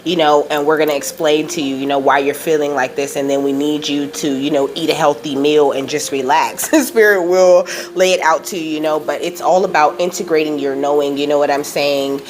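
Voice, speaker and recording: Rambling woman with a low voice. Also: steady tone, brisk, hardly any pauses, a little hiss or hum. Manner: rambling, says "you know" and "okay?" constantly, laughs often; emotional, close to tears at times. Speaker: spiritual channel host. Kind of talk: casual spiritual vlog talk.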